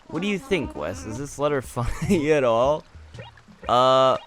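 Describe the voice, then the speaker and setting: A man's voice: medium pitch, big pitch swings, measured pace, a bit bright, faint music behind. A young man giving casual commentary on his gameplay in a chatty, jokingly exasperated way. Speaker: gaming video creator.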